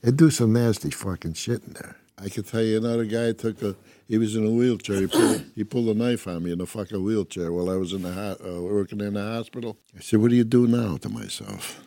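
A man's voice: lowish voice, fairly even intonation, quick pace, mellow. An older man from upstate New York, a former prison inmate telling his story in a blunt, rambling, constantly swearing way. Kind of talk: casual profane storytelling.

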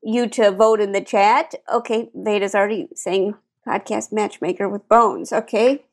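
A woman's voice: medium pitch, steady tone, moderate pace. A woman hosting a playful live-stream game, chatty and full of little fillers. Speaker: game show host.

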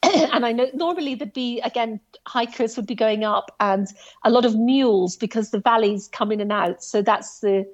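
A woman telling a story about her hike in a casual, animated way, full of asides and restarts. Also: a little high, normal speed, muffled recording. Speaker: guest recounting a hike.

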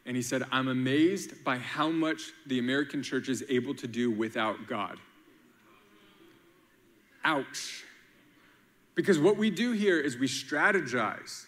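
A man preaching a lively sermon as pastor, playful, acting out quotes and using rhymes. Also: mid-range voice, moderate pace, few pauses, long reverb tail.

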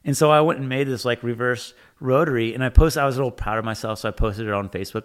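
A man's voice: mid-range voice, a little fast, clean tone. A man talking casually in an interview, rambling with many fillers and some swearing, acting out what he and others said. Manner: rambling, frequent fillers and profanity, acts out his own quotes. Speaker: tattoo machine builder, guest.

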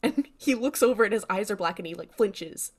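Woman in mid-pitch, animated recap chat. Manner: animated, laughing, quick bursts of retelling. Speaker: podcast co-host.

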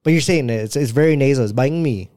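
A man's voice: medium pitch, rapid-fire, darkish tone, no echo, clean studio sound. A man in casual chat, patiently explaining things and laughing often.

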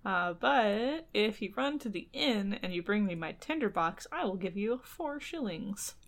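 A woman's voice: medium pitch, expressive, measured pace. A woman voicing a condemned male soldier in a storybook reading, in a plain offhand way.

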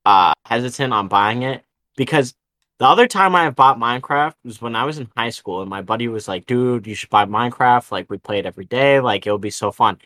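A man's voice: mid-range voice, fairly quick, pushed and bright, no room sound. A young man co-hosting a podcast, rambling through a gaming story in casual chat and swearing freely. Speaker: podcast co-host.

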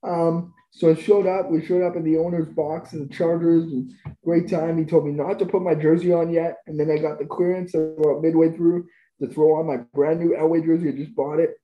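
A man's voice: a little high, little pitch movement, fairly quick, dull audio, soft background music. A man telling stories as a podcast guest in a conversational, enthusiastic way. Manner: enthusiastic, gushing about experiences. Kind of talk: conversational storytelling. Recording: roomy echo.

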